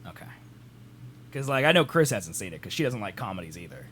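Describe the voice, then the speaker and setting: A man's voice: lowish voice, sing-song, quick pace, a bit bright, slight background noise. A young adult man co-hosting a podcast in casual chat, rambling and self-mocking, laughing easily. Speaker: podcast co-host.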